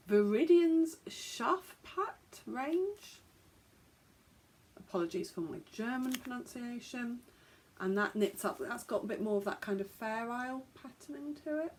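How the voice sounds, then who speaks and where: A woman hosting a podcast, chatting casually and joking at her own expense as she stumbles over foreign words. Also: mid-range voice. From England. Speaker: podcast host.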